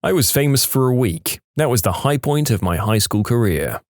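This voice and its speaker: A man reading stories aloud with a dry, deadpan delivery. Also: mid-range voice, normal speed, no echo. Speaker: story narrator.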